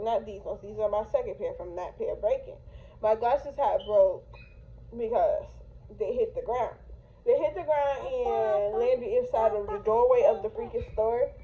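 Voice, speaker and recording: A young woman vlogger telling a storytime in an animated, slangy, casual way. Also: a little high, unhurried, rough recording. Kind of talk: storytime vlog.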